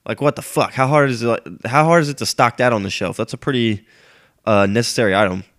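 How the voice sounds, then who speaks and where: A man's voice: mid-range voice, fast talker, fairly bright tone. A young man who is sick and sniffling, hosting a casual solo rant in a profane, griping, rambling way. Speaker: podcast host.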